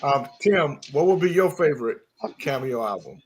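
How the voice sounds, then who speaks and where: A man's voice: mid-range voice, normal speed, breathy edge. A man hosting a casual morning talk show, chatting with his co-hosts and greeting listeners by name. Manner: animated storyteller, shifts voice for quoted characters. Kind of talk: joke telling and casual chat.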